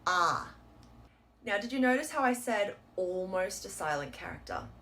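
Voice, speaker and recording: A woman teaching a pronunciation lesson, explaining patiently and sounding out model words slowly and clearly. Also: mid-range voice, big pitch swings, fairly bright tone. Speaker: Korean language teacher.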